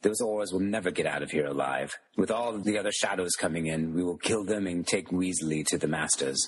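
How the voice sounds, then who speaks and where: A man doing a cruel dark wizard who drawls his threats slowly and coldly in a homemade tabletop game. The voice sits low, with faint hiss in the background. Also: close to an everyday voice. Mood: sneering.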